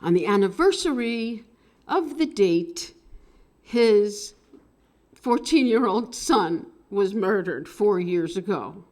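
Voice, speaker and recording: A woman telling a personal story at an open mic, swinging between hushed and loud with strong emotion. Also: medium pitch, animated, takes it slowly. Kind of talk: live dramatic storytelling.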